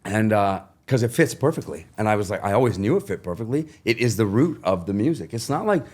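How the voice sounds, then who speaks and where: Animated storytelling man, wide pitch swings. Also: quick pace. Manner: animated storyteller, swears freely, acts out voices. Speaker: guest singer. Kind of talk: casual podcast chat.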